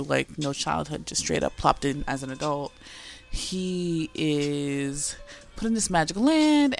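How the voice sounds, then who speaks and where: A young woman hosting a casual chat about anime, talking in a chatty, animated way, swearing freely and dropping in Spanish phrases. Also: sits low. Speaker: podcast host.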